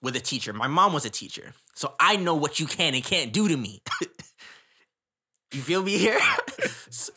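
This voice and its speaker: Young canadian guy rambling through a story, husky and bright, voice jumping all over. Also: on the high side, moderate pace. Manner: animated, laughs often, slangy and rambling. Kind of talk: casual storytelling chat.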